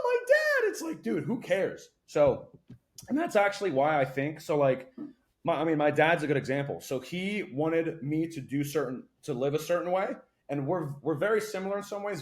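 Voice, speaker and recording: This young podcast guest talks quickly and loosely, peppering his animated anecdotes with curses. For a man, his voice sits a little high.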